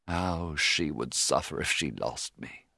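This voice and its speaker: A man narrating a storybook in the first person, in a measured, dramatic way that rises at tense moments. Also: extremely low pitch, expressive, vocal fry, pushed and bright, dry recording, studio quality. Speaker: audiobook narrator.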